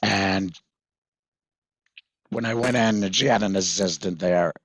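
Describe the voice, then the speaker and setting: A man with a deep, husky voice recounts his own experience as a guest, pausing often and circling back with fillers and restarts. The recording is dry and close, with no room sound around him. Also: fairly bright tone, dry recording. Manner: halting, many fillers and restarts. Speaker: guest, patient mentor. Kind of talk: recounting a personal story in conversation.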